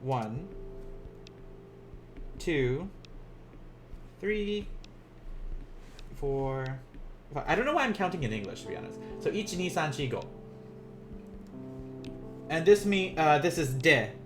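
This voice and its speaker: A man teaching beginner Japanese in a casual livestream, rambling and self-amused, softly counting out strokes as he writes. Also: fairly high pitch, big pitch swings, slow pace, pauses often, faint music behind.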